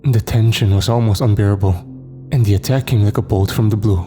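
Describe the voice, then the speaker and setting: A man narrating a first-person horror story in a measured, tense storytelling manner. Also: lowish voice, fairly even intonation, over music.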